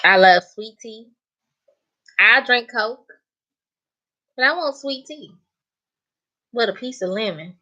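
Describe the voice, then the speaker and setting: A young Southern woman with a bright, forceful voice pitched a little high chats casually to her viewers. She is playful and emphatic and laughs often. The sound is dull and lo-fi, like live-stream audio. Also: slow, long pauses. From Southern United States. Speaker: cooking channel host.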